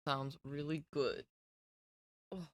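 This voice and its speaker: A woman's voice: deep voice, steady tone, takes it slowly, dry recording, clean studio sound. A woman streamer chatting casually with her viewers, rambling and giggling at herself. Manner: giggly, rambling, self-deprecating.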